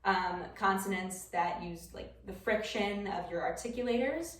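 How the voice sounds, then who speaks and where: A woman's voice: medium pitch, measured pace. Young Wisconsin woman presenting in a classroom. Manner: chatty, informal, many ums and likes. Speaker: student presenter. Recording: roomy classroom from far off.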